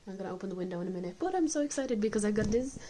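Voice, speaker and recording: A woman's voice: mid-range voice, expressive, rapid-fire, mellow, low-quality recording. Woman vlogger, candid and chatty, home video diary, the odd cough. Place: indoors at home.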